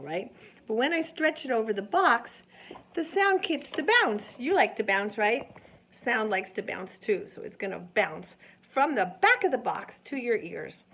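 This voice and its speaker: A woman teaching a science lesson to children, animated and sing-song, often asking them questions. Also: medium pitch, breathy edge. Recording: dull lo-fi sound with faint noise.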